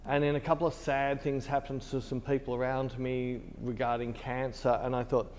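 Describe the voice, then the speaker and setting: A man's voice: mid-range voice, flat delivery, normal speed, a little mellow, long reverb tail, slight background noise. A British man, a photographer, telling a rambling story in casual chat while teaching, laughing easily. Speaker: photographer and tutor. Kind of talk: casual behind-the-scenes chat. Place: photo studio.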